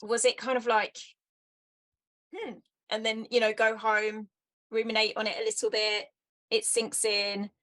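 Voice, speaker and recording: A woman's voice: on the high side, level tone, measured pace, pauses often, a bit bright. A woman hosting an interview, listening closely and asking follow-up questions with frequent affirming murmurs. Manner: attentive, frequent affirming backchannels. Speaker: interviewer host. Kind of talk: interview conversation.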